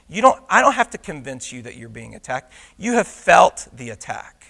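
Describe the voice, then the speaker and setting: Male pastor, high bright voice, emphatic preacher who drops to hushed asides. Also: very animated, normal speed, creaky, hardly any pauses. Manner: rhetorical questions to the congregation. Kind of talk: sermon.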